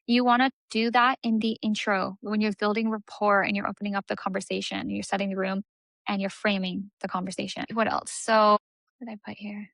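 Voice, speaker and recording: A woman's voice: medium pitch, gravelly, a bit bright, no echo. A young woman coaching in a casual teaching talk, chatty and full of fillers, acting out what clients might say. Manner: chatty, many "like" fillers, acts out client voices. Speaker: aesthetics business coach.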